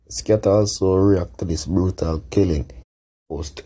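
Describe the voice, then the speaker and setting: A man's voice: low-pitched, unhurried, warm tone, slightly rough. A man with a Jamaican accent narrating an entertainment news review with plain, slangy reporting. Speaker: entertainment news channel host.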